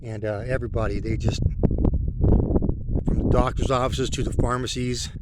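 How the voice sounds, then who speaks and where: A man's voice: medium pitch, flat delivery, normal speed, very noisy. A middle-aged man, talking in a rambling, heartfelt way while out on a country road. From rural country background. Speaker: motorcycle vlogger. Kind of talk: casual spoken vlog while riding.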